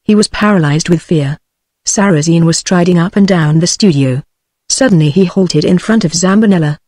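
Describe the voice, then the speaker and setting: A text-to-speech woman's voice with a British English accent, reading a classic novel aloud in an even, machine-read manner. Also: lowish voice, normal speed, dry recording. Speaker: narrator. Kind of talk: synthetic audiobook narration.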